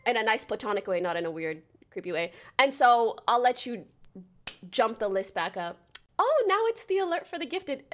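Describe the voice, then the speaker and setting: A young woman in her twenties chatting casually on a livestream, bubbly and talkative, quickly reading out names to thank her viewers. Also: on the high side, big pitch swings, a bit bright, slight background noise.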